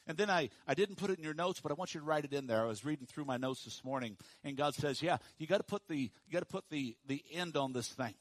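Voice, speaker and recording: A pastor preaching a sermon to his congregation, dropping to hushed, slow emphasis and rising to loud, high calls for the room to repeat after him. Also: animated, no room sound. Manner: swings from hushed low emphasis to loud high call-and-response.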